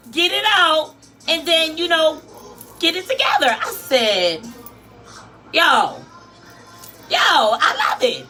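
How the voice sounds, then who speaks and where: Philly woman vlogging, high bright voice, slangy n animated, cusses a lot. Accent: Philadelphia. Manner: animated, slangy, swears freely, acts out quotes. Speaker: vlogger and life coach. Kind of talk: casual storytelling chat.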